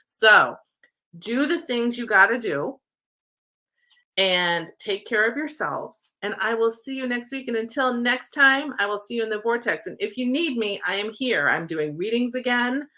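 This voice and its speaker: A woman's voice: fairly high pitch, lively intonation, normal speed, pushed and bright. A middle-aged woman and spiritual life coach, chatting casually to camera in a rambling, affectionate way and often saying "y'all".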